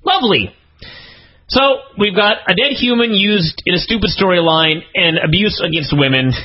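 A man's voice: high-pitched, animated, normal speed. A man co-hosting a podcast, reviewing wrestling TV in a casual, exasperated, incredulous way and swinging his voice up for emphasis. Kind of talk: casual comedic review chat. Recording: dull lo-fi podcast audio.

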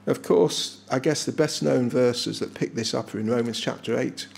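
A man with an English accent preaching a sermon in a small village chapel, emphatic and often slowing down to stress key words. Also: mid-range voice, creaky, a little mellow.

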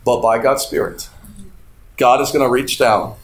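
A man's voice: medium pitch, fairly even intonation, measured pace. A man preaching a sermon, telling a story with laughs and acted-out quotes as the congregation responds. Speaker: pastor. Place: church hall. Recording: echoey hall with faint room noise.

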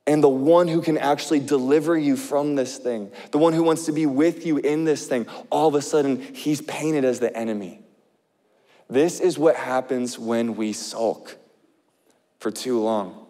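A male pastor gives an impassioned sermon, moving between loud, urgent passages and hushed ones. His mid-range voice keeps a measured pace, and the sound carries the echo of a big room.

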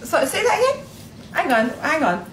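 A high-pitched woman hosts a casual live stream from her kitchen, giggling and teasing her viewers as she talks. The phone recording sounds echoey, with clear background noise. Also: huge pitch swings, moderate pace. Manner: giggly, playful teasing banter. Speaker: livestream host. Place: home kitchen.

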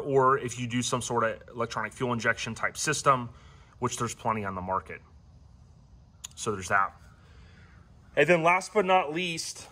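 A man hosting a casual, rambling walkaround of his classic car, giving owners tips. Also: medium pitch. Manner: relaxed and rambling, many ums and restarts.

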